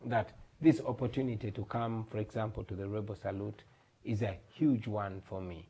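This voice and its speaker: Man from uganda, gravelly, low-pitched, earnest, TV studio interview guest. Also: fairly even intonation, normal speed, warm tone. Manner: earnest, emphatic, repeats words. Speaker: guest, musician.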